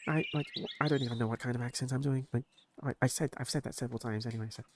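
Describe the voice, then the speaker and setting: A man's voice: mid-range voice, fairly even intonation, rapid-fire, background noise. A man streaming a story game, reading along and making joking, rambling asides full of fillers. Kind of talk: casual game commentary.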